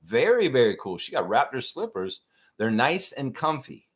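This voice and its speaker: A man's voice: mid-range voice, normal speed. A man hosting a live stream, chatting casually and ranting with plenty of swearing. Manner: profane, animated rant reading chat.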